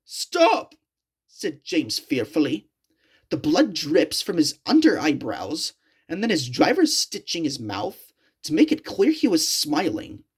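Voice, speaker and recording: A woman reading a creepypasta story aloud in a slow, halting storytelling manner. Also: deep voice, a little mellow, breathy edge.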